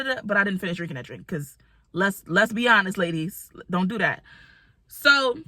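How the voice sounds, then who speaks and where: A woman vlogger telling a dating story in a casual, animated way, acting out what people said. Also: medium pitch, no echo. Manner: animated, chatty, acts out quotes.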